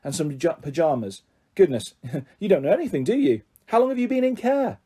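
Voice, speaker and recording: A bossy, cheeky young girl in care, as a man reads her part from a storybook. The voice sits a little high, with a mellow, soft and slightly husky tone. She talks brashly, ordering others about. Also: big pitch swings, fairly quick. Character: bold, cheeky ten-year-old girl in care. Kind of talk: storybook character reading.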